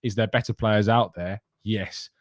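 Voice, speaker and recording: A man's voice: lowish voice, unhurried, no room sound, studio quality. Chatty man hosting a live chat show. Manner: lively, chatty, reading and answering live chat. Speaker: host. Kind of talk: casual chat.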